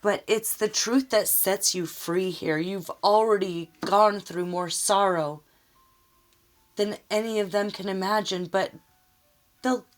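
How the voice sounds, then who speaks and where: A woman reads tarot cards for the listener, talking to them directly in an earnest, emotional way. She takes her time, drawing her words out slowly. Soft music plays faintly behind her. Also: medium pitch, fairly even intonation. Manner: slow, emotional, earnest, addressing the viewer directly. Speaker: tarot reader. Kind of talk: tarot reading to camera.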